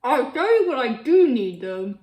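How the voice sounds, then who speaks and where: Baking and tasting on her cooking channel, a bubbly woman talks to viewers in a bright, high voice with big pitch swings, quick to giggle. The home kitchen adds a noticeable echo.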